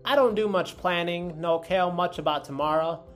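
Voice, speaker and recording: A man's voice: high voice, normal speed, a bit bright, faint music behind, pitched above the performer's own voice. A man voicing a cheerful hundred-year-old man devoted to his work, in a put-on foreign-sounding accent. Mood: earnest.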